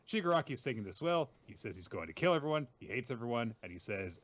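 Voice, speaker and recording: A man's voice: medium pitch, big pitch swings, quick pace, few pauses, highs cut off. A man co-hosting a casual manga recap podcast, summing up chapters, quoting characters and laughing often. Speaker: podcast co-host.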